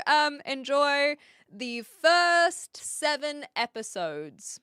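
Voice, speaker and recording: A woman's voice: a little high, big pitch swings, a little slow, pushed and bright, no echo, clean studio sound. A young woman live streamer chatting casually with viewers, laughing often as she talks.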